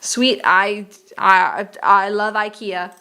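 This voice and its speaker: A woman's voice: mid-range voice, fairly even intonation, slow pace, sharp tone, clean tone. A young woman streaming a geography game, chatting casually and muttering profanely in exasperation as she plays.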